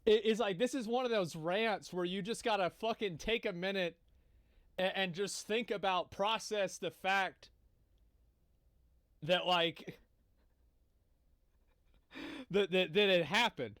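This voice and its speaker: A man with a fairly high voice comments casually on a clip he is watching, swearing freely and sounding amused. The recording is dry and close. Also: slow, long pauses, a bit bright, dry recording. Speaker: streamer reacting to a clip.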